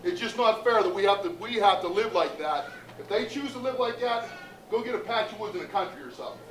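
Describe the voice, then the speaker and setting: A man from Youngstown, Ohio, speaks for his neighborhood association in a fairly high voice. He is emphatic and reels off lists, with a faint hiss in the background. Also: animated, fast talker, a bit bright, poor audio. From Youngstown, Ohio, USA. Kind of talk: documentary interview.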